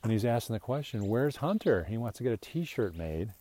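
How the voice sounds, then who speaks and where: An older man with a lowish voice giving a loose, rambling commentary monologue. He chuckles between points and often slips into mocking voices. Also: very animated, a little fast, mellow, slight background noise. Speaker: political commentator. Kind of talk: casual monologue.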